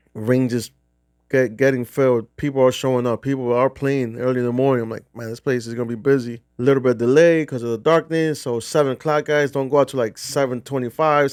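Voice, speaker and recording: A man's voice: mid-range voice, smooth, no echo, clean studio sound. A middle-aged man from New Jersey casually telling a rambling, profane golf trip story. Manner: rambling, profane, restarts often. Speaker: golf vlogger.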